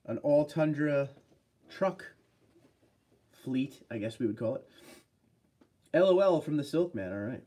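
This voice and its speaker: A man's voice: a little high, animated, unhurried, pauses often, warm tone. A man hosting a casual livestream, chatting upbeat and rambling as he reads out viewer comments. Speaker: livestream host.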